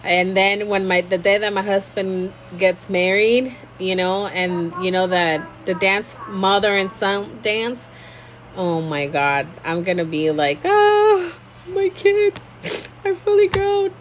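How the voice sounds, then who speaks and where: A woman's voice: lowish voice, a little slow, slight background noise, rough recording. A woman, hosting a casual live stream, chatting expressively and switching freely between Spanish and English. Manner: expressive, laughs often.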